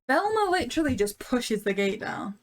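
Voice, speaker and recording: Female podcast co-host, slightly high voice, chatty plot recaps, laughs easily. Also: sing-song, moderate pace. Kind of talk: casual review chat.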